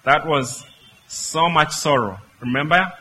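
A man's voice: fairly high pitch, slow pace, pushed and bright, breathy edge, low-quality recording. A man preaching a sermon, speaking emphatically and putting rhetorical questions to his listeners.

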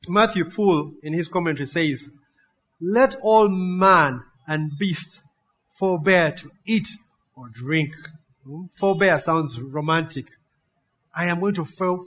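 A man preaching a sermon, calling out to his congregation and stacking up synonyms as he goes. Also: on the high side. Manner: animated, call-and-response, piles up synonyms.

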